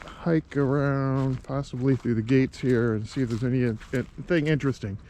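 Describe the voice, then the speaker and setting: A man's voice: mid-range voice, fairly even intonation, mellow. Man musing on camera outdoors. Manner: musing, halting, many fillers. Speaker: vlogger exploring a historic site. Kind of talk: casual outdoor vlog narration. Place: outdoors near rail lines and traffic. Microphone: helmet-mounted camera. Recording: outdoor noise, traffic. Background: clear street and vehicle noise.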